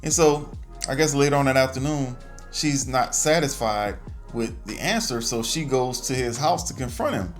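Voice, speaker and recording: A man with a mid-pitched voice recaps a movie plot in a relaxed, slangy way. He tells the story casually and keeps adding his own asides. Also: normal speed, faint music behind. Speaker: movie reviewer.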